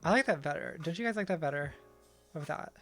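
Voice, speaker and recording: A woman's voice: low voice, lively intonation, fast, faint music behind. A woman answering viewer questions on a casual livestream, thinking aloud with a self-deprecating manner and frequent restarts, at a home streaming setup.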